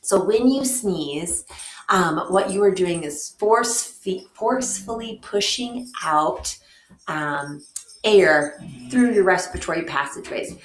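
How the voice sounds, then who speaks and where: A high school biology teacher explains a lesson to her students in a recorded remote class, full of ums and friendly asides. Her lowish voice is animated and slow, in an echoey room with slight background noise.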